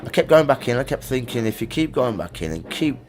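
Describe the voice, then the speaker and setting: A man's voice: medium pitch, big pitch swings, fast, a little mellow. A middle-aged man with a Birmingham accent, a musician guest in a studio, telling rambling stories in a casual interview. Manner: rambling anecdotal storytelling.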